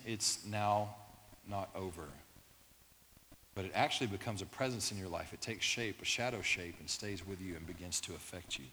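Bright-voiced man preaching in a hall. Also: lowish voice, a little hiss or hum. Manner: animated, playful asides early, turning quiet and earnest. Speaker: pastor. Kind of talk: sermon. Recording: reverberant hall.

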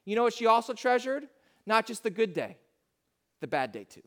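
A man preaching a heartfelt sermon to his church as pastor, dropping soft and rising loud. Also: high voice, sing-song, moderate pace.

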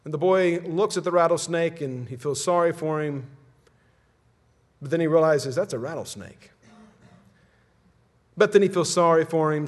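Preaching man with a fairly high voice. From Ozark region, USA. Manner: measured preaching, falling to a hush at the ends of phrases. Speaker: pastor. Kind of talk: sermon.

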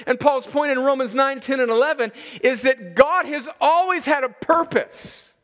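A man preaching an expository sermon as a pastor, slowing down to stress key words and chuckling between points. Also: very high-pitched, a bit bright. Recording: long reverb of a large hall.

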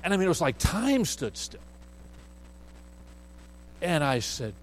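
A man's voice: a little high, big pitch swings, normal speed, pauses often, breathy edge, rough recording. A man preaching, telling a family story in a folksy way and acting out the voices of the people he quotes. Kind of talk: storytelling sermon.

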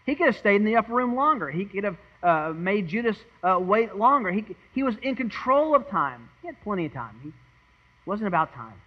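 A man with a high voice preaches an earnest, dramatic sermon. He swings from loud emphasis to hushed tones, restarting words as he goes. The recording is slightly muffled and lo-fi. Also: very animated, brisk. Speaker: pastor. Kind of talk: expository sermon.

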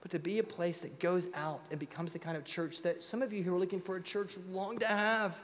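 A man preaching a sermon as pastor, firing rhetorical questions and swinging from loud urgency to hushed tones. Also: sits high, steady tone, brisk, hardly any pauses, a little hiss or hum. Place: church sanctuary. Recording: long reverb in a large hall.

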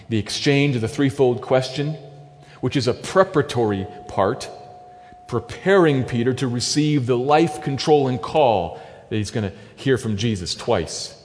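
A man's voice: medium pitch, darkish tone. Male preacher, mid-range voice, emphatic sermon delivery, long hall echo. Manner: earnest, emphatic preaching with dramatic quoted lines.

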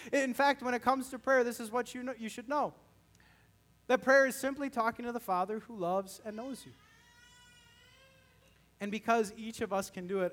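A male pastor delivers a sermon in a high voice. He preaches conversationally, turning often to his listeners with direct questions.

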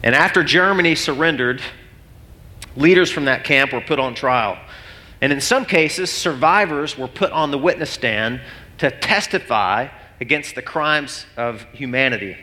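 A man's voice: medium pitch, unhurried, bright, forceful tone. A man preaching a sermon as pastor, telling a story earnestly and with rising emotion. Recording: long hall reverb.

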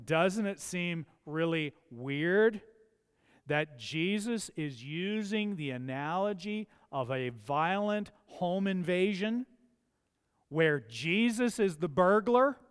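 A man preaching a sermon, emphatic and building to forceful peaks. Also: high-pitched, lively intonation, slow, smooth. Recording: long church hall reverb.

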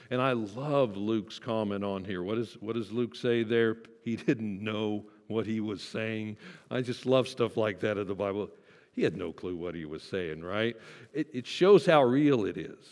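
A man's voice: medium pitch, in a large hall. A man preaching a sermon to his congregation in a church, talking casually, asking them questions and making light self-deprecating jokes. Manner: conversational, asks the congregation questions. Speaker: pastor. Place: church sanctuary.

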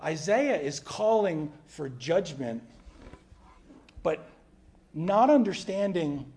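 Conversational man preaching, higher-pitched voice. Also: expressive, slow. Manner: drops to a quiet, low voice for emphasis. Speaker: pastor. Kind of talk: sermon.

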